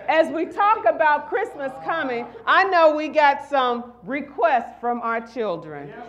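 A middle-aged woman preaching a sermon, calling out to the congregation and building to shouted refrains. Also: high-pitched, highs cut off. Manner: call-and-response, rising to shouts.

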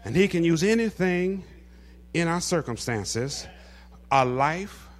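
A man preaching a sermon who builds to shouted, half-sung cadences and drops back to quiet, gravelly asides. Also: fairly high pitch, lively intonation, slow. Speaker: pastor.

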